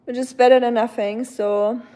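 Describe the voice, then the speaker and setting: A woman rambles through a relaxed live-stream chat, padding her sentences with filler words. Her voice sits a little high. It has a warm, mellow tone. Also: normal speed. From Germany. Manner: rambling, many filler likes. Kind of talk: casual chat.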